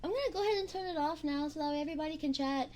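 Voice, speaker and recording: A young woman streamer chatting casually on a binaural microphone, excitable, laughing and swearing as she pleads with her chat. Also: sits high, rapid-fire. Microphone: binaural ASMR microphone.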